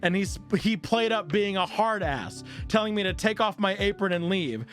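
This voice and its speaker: A man's voice: high-pitched, normal speed, faint music behind. A man hosting a stream, reading online posts aloud and reacting with profanity and laughter. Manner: profane, animated, laughs a lot. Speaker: streamer host.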